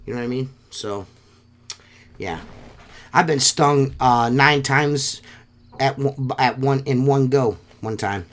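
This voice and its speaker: A man's voice: medium pitch, slow pace, long pauses. A young adult man hosting a casual chat, telling stories with heavy swearing and frequent laughs. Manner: profane, laughs often, animated storytelling. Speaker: podcast host.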